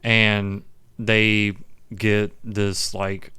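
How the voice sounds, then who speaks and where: A man co-hosts a podcast and retells film scenes in an easy, offhand way, chiming in with jokes. His voice is low, smooth and resonant. It is recorded close and dry. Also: extremely slow, no echo. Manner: relaxed, chimes in with quips, corrects himself. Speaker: podcast co-host. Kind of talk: casual film recap chat.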